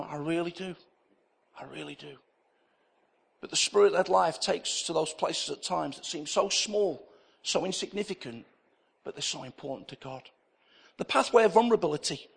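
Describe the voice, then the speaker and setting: Delivering a sermon, this middle-aged pastor acts out the dialogue in his anecdotes and hammers key phrases through repetition. His high voice is fairly quick, gravelly and fairly bright, with a breathy edge.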